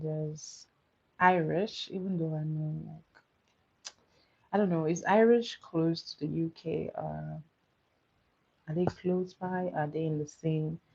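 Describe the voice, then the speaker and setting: A young woman chats with viewers while she walks through her makeup routine, often laughing and asking questions between steps. Her voice is husky and sits a little low. The audio sounds dull and lo-fi. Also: a little mellow. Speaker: makeup livestreamer. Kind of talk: casual livestream makeup tutorial chatting with viewers.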